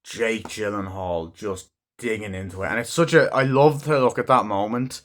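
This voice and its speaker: A man with a fairly low voice talks through a film in a casual review. He rambles, swears freely and jumps into raised voices to act out the scenes he describes. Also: normal speed. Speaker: movie reviewer.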